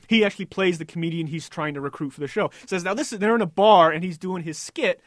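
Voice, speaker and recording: A man's voice: high voice, fast talker, a bit bright, no echo. A young man co-hosting casual talk radio in a studio booth, sarcastic and mocking. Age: young adult. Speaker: co-host.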